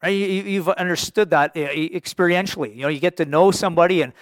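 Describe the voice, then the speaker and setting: A man preaching a sermon, his voice a little high for a man and recorded dry and close. He speaks earnestly and haltingly, with many restarts, and builds to emphatic rhetorical questions. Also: no room sound.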